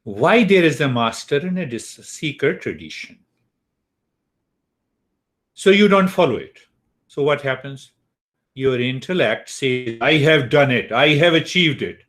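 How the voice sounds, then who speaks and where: A man lecturing on spiritual wisdom, taking his time with every phrase. He repeats key words and keeps asking his listeners whether they follow. His voice sits at a middle pitch. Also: expressive, a bit bright. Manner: slow, repeating key words, asks the class questions. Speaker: teacher of Eastern wisdom. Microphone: computer mic, online class.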